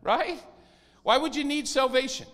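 A man preaching a sermon as pastor, animated and lively, sometimes mimicking whiny pleading voices. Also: very high-pitched, measured pace, long reverb tail.

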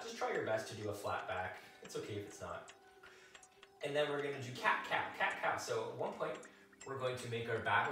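A man's voice: medium pitch, a bit bright, distant mic. A man from a French-speaking background leading a kids' workout at home, upbeat and encouraging as he counts reps and guides stretches. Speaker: kids fitness instructor. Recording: echoey room, mic set back, faint music.

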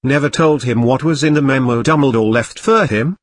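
A man voicing a huge, furious, bearded giant who booms and blusters in a storybook reading. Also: fairly quick, no echo, lightly acted. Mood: enraged. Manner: blustering, booming speech.

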